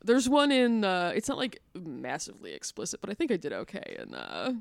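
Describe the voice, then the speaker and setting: A woman's voice: lowish voice, wildly swooping pitch, fairly quick, vocal fry, no room sound. A woman co-hosting a casual podcast, joking wryly with casual slang and swearing. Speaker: podcast co-host and author.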